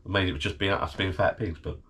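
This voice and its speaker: A man's voice: low-pitched, steady tone, fairly quick, fairly bright tone, slightly rough. A middle-aged man recovering from illness, chatting casually to his channel from his garden bar shed, rambling and laughing often. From United Kingdom. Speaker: channel host. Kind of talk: casual vlog chat.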